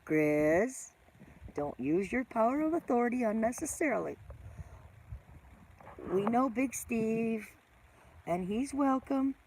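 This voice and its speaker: A woman's voice: on the high side, expressive, slow pace, pauses often, darkish tone, a little hiss or hum. A middle-aged woman hosting a casual live stream, greeting viewers by name and teasing herself.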